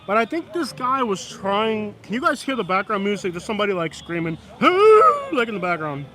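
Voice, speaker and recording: A man's voice: high-pitched, brisk, bright, forceful tone, faint music behind. A man, chatting casually and rambling to his viewers on a live stream from a downtown street at night, filmed on a camera stand.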